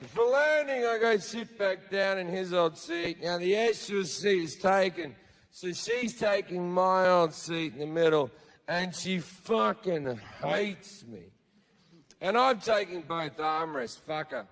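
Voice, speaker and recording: An Australian man performing profane stand-up comedy, telling stories loudly on a big theatre stage. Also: sits high, a little slow, long reverb tail. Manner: loud, profane storytelling with frequent shouting.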